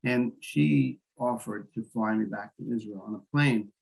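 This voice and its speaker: A man's voice: on the low side, a little slow, creaky, darkish tone, rough recording. A man being interviewed as the founder of a volunteer emergency service, telling a story with many restarts and repeated words. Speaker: guest, founder of an emergency medical volunteer group.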